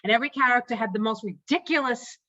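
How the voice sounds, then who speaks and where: Bright, blunt woman in casual chat. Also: a little high, fast, dry recording, muffled recording. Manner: blunt, swears freely. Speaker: movie club panelist.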